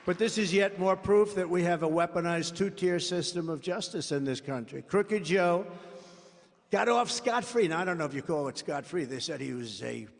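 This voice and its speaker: A man's voice: high-pitched, normal speed, gravelly. A man giving a rambling, boastful rally speech from a podium microphone, with off-the-cuff asides to the crowd. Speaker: political candidate at a campaign rally. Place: large rally venue before a crowd. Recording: long reverb of a big rally hall.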